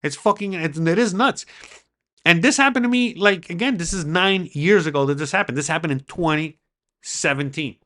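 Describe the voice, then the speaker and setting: A man's voice: on the high side, normal speed, fairly bright tone. A middle-aged man hosting his own podcast, talking straight to viewers in a heated, profane, rambling monologue. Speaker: podcast host; criminal attorney.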